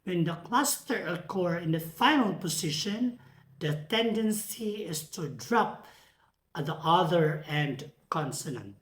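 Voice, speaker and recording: A woman's voice: fairly low pitch, expressive, unhurried. A woman giving a lecture on English pronunciation, carefully repeating example words aloud. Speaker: teacher. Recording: echoey room.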